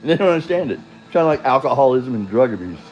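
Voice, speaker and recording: A man's voice: medium pitch, sing-song, rapid-fire, muffled recording, slight background noise. An older man telling his own story in a rambling, casual monologue, blunt and profane, chuckling and drifting off on tangents.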